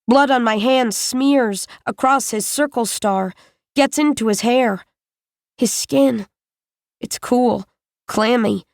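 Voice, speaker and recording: A woman reading a first-person novel aloud as an audiobook narrator, in a measured, deliberate way. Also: fairly high pitch, gravelly, no echo, clean studio sound.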